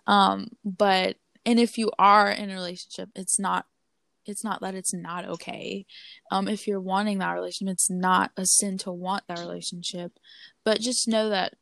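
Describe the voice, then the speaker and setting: A woman's voice: medium pitch, level tone, moderate pace, gravelly, a bit bright, dry recording. A young woman hosting a casual faith-based chat, upbeat and affirming, with lots of fillers. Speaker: host.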